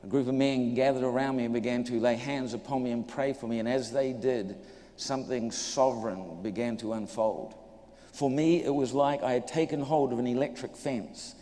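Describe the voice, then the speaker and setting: New male preacher, comic testimony storyteller, mid pitch, echoey hall sound. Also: normal speed. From New Zealand. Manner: animated storyteller, acts out voices, jokes with audience. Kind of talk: humorous sermon testimony.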